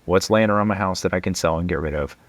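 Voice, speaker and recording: A man with a deep voice talks as a financial coach guest. He sounds earnest and emphatic, regularly checking in with tag questions, and the recording is close and dry. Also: fast talker, no room sound. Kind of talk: casual conversation.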